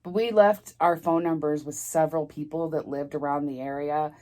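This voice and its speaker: Low-pitched middle-aged woman, teary, rambling storytime vlog, lots of stops and restarts. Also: steady tone, mellow. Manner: rambling, halting, emotional, restarts often. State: tearful, near crying. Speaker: vlogger.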